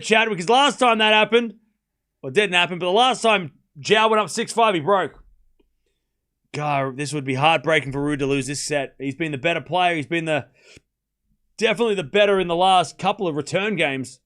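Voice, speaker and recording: A man's voice: high-pitched, moderate pace, a bit bright. A man hosting a live tennis watchalong stream. He calls each shot in short bursts, chats loosely with his viewers between points and swears offhand. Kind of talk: casual live play-by-play commentary with chat asides.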